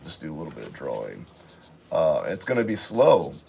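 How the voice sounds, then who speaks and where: A sick man with a raspy voice, chatting casually and rambling with many fillers as he sets up to draw in his art vlog. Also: a bass voice, wildly swooping pitch, moderate pace, dark tone, slight background noise. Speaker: art vlogger. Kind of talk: casual chat while drawing.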